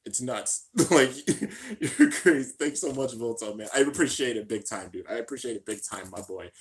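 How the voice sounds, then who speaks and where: A man hosting a live reaction stream in casual, slangy chat, swinging between hyped shouts and low mumbles. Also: moderate pace. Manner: excitable, slangy, keeps saying "dude".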